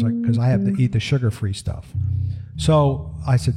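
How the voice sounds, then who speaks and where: A man's voice: medium pitch, brisk. A middle-aged man telling a rambling, comic family story in casual chat, swearing and acting out the voices of the people he quotes. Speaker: podcast co-host. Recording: loud music bed under the voices.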